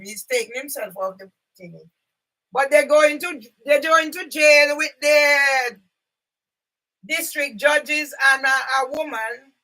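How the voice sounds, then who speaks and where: An older woman speaking from home in an impassioned, rambling monologue to camera, at times breaking into loud outbursts. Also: high voice. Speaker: vlogger. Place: sitting at home. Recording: voice a bit far from the mic.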